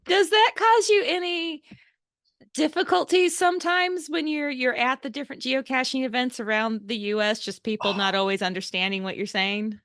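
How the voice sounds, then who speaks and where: A woman hosting a podcast interview, encouraging her guest and quick to laugh. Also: sits high, fairly even intonation, a bit bright, no echo, studio quality. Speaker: podcast host. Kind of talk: casual interview.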